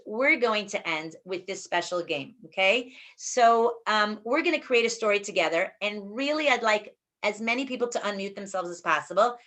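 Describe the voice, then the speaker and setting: A woman's voice: on the high side, a bit bright. A woman in her forties hosting an online group workshop over a video call, upbeat, playful and encouraging.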